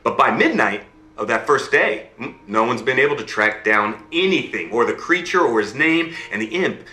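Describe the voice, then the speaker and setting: A man telling a fairy tale in an animated storytelling style, often checking in with his listener. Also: medium pitch, moderate pace, roomy sound.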